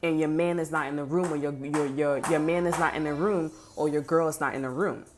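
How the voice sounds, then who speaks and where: A woman's voice: deep voice, fairly even intonation, fairly quick, over music. Blunt, cursing woman tarot reader. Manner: blunt, profane and heated. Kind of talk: casual spoken tarot reading.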